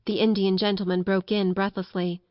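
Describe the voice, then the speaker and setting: Audiobook narrator, female, mid pitch, soft storytelling, dull dry recording. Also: level tone, moderate pace, dry recording. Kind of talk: scripted narration of a children's classic.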